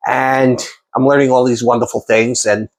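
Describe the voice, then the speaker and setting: A man's voice: medium pitch, normal speed. A man, hosting a casual interview and telling long stories with many restarts. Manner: rambling, animated storyteller with many restarts. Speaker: podcast host and chef.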